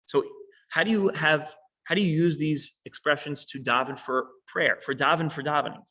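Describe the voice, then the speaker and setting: A man's voice: on the high side, moderate pace, pushed and bright, low-quality recording. A man teaching a small class who reads a line of text and then patiently unpacks it.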